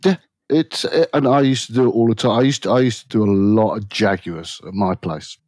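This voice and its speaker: Husky English man telling shop stories. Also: fairly low pitch, fairly quick, a little mellow, no echo, clean studio sound. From England. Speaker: auto repair shop owner. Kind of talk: casual chat.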